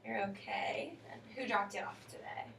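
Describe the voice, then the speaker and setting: A woman playing a counselor in a role-play, asking questions gently and patiently, with some fillers. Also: on the high side, moderate pace. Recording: echoey room, distant mic, faint noise.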